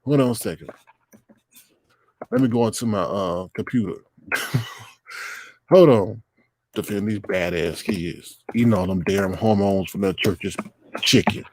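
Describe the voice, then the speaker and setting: A man's voice: lowish voice, a little slow, pauses often, darkish tone, dry recording. A man in his thirties hosting a casual livestream, talking bluntly and with profanity straight to his viewers from home. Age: 30s. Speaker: livestream host.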